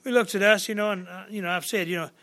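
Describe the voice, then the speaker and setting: A man preaching to his congregation in a high, bright voice, working through scripture verse by verse. He talks plainly and conversationally, retelling the old words in everyday speech. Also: steady tone, fast talker. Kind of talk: folksy verse-by-verse sermon. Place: church service with congregation.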